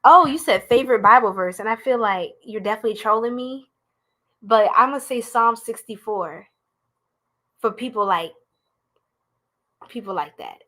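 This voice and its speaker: A woman's voice: fairly high pitch, moderate pace, pauses often, sharp tone. Playful woman doing a live tarot reading. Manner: playful, goofy, slangy, laughs often. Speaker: tarot reader.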